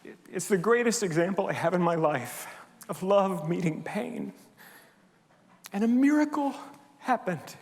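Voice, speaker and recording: A man's voice: high-pitched, expressive, a little slow. An older man, a pastor, preaching a sermon as a candid, heartfelt personal testimony. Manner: candid storytelling, confessional and heartfelt. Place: church sanctuary. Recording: long hall reverb.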